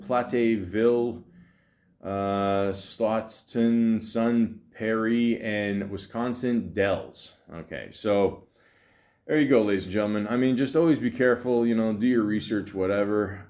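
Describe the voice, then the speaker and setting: A man's voice: fairly low pitch, measured pace, darkish tone. A man hosting a casual solo podcast, rambling and sarcastic, full of fillers and restarts as he reads out and mocks scam texts. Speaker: podcast host. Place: home in a city, street sounds outside.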